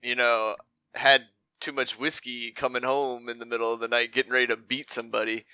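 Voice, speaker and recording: A man's voice: medium pitch, level tone, fairly quick, sharp tone, clean tone, no echo, lo-fi sound. An American man co-hosting a podcast, recapping a TV episode in rambling casual chat full of "like" and restarts that trail off. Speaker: podcast co-host.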